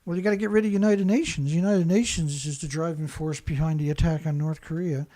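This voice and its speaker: A man's warm, steady voice, on the high side and fairly quick, drives an angry monologue as he hosts a show. He rants, insults freely, and keeps repeating himself.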